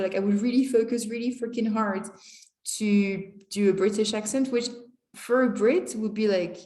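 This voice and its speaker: A woman's voice: mid-range voice, a little mellow. Chatty French-accented woman, echoey room. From France. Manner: rambling, chatty, many fillers like "you know" and "like". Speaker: language teacher and vlogger. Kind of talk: casual vlog monologue. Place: hostel in Mexico.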